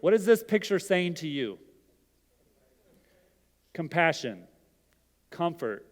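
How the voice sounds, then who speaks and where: A man's voice: a little high, sing-song, takes it slowly. Conversational man preaching in a reverberant hall. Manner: conversational, asks the audience questions. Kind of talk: interactive sermon.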